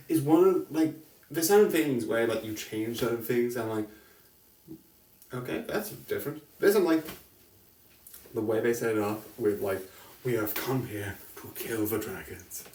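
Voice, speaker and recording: A man's voice: medium pitch, a little mellow. Rambling man reviewing a film. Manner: rambling, self-correcting, laughs often. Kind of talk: casual spoken film review. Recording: echoey room, distant mic.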